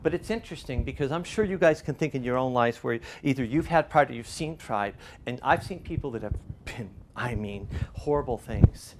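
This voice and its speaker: Older guy pastor talkin, middle voice, tells stories and gets loud on the big points, faint hiss behind. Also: mid-range voice, expressive, brisk, few pauses. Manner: storytelling with rising emphasis and quoted voices. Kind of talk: preaching, conversational sermon talk.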